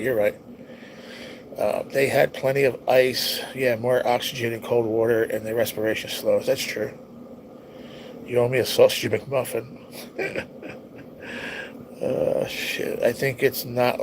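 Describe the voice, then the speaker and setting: A man's voice: mid-range voice, normal speed, pauses often, background noise. Easygoing man with a stuffy nose. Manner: rambling, easygoing, reads chat comments aloud. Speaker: livestream host. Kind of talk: casual livestream chat with viewers.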